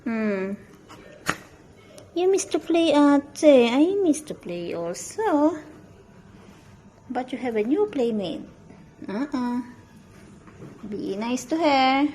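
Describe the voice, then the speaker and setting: A woman's voice: high voice, big pitch swings, slow, pauses often, a little hiss or hum. Filipino woman cooing baby talk to pets. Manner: sing-song baby talk with soft hums. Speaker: pet owner vlogger.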